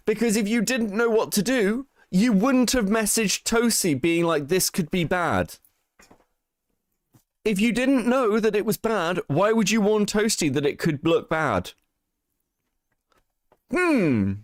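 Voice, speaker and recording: A man's voice: high voice, sing-song, measured pace, dry recording, studio quality. A man co-hosting a livestream, mocking and profane, laughing often as he reads out donations. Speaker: podcast co-host. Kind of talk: livestream commentary.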